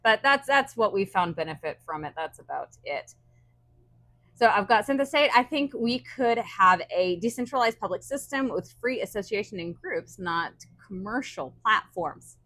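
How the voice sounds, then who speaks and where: A woman co-hosting a live stream in casual chat, reading viewer comments aloud with emphatic, quick agreement. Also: mid-range voice, expressive, bright, forceful tone, no echo.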